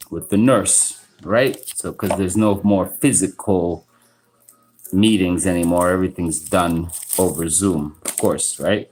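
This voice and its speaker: A man in his thirties tells rambling stories on a casual live stream. His voice sits a little low, and he talks unhurriedly. He keeps restarting his sentences and checking in with "right?" and "you know?". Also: low-quality recording. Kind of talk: casual storytelling monologue. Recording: informal live stream audio.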